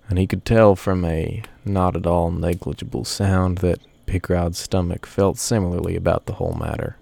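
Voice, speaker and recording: Deep gravelly guy narrating a story, folksy and unhurried, dry sound. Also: dry recording. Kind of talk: first-person story narration.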